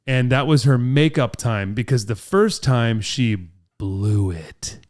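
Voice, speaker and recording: A man, hosting a casual interview and telling an animated story. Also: medium pitch, takes it slowly. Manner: animated storyteller, acts out quoted voices. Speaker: interviewer and host.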